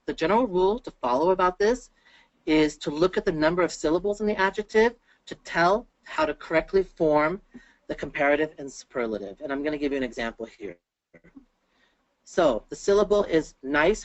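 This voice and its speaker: Online English teacher, patient explaining, deliberate example sentences, webinar mic, dry close audio. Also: mid-range voice, no room sound, rough recording. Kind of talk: online grammar lesson.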